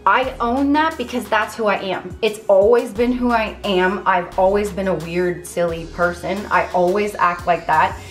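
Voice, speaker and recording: A woman's voice: mid-range voice, unhurried, few pauses. A young adult woman talking candidly to camera in a casual vlog, earnest and reflective. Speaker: vlogger. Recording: echoey room with faint music.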